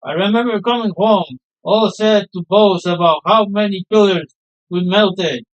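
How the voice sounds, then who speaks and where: A man reads game dialogue aloud as a hearty, proud fisherman father who spins homely, sentimental stories in a fond mood. His voice is fairly high, smooth and clear, a little slow, though the recording is dull and lo-fi.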